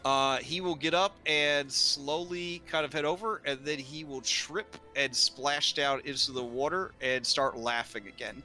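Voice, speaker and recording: A man running a tabletop game, narrating at an unhurried, drawn-out pace. His voice is bright and clear, and he pauses often with hesitant fillers. Faint music plays underneath. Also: fairly high pitch. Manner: slow, rambling, with many fillers and laughs. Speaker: game master.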